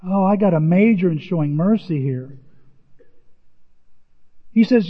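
A man preaching a sermon, emphatic and animated, often exclaiming and repeating words as he reads verses. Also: high voice, measured pace, long pauses. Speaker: pastor. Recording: reverberant hall, dull lo-fi sound.

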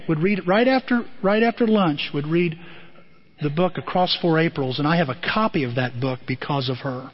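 Husky man giving an animated talk. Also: a little high, muffled recording. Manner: animated, addresses listeners by name. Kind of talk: motivational talk to a group.

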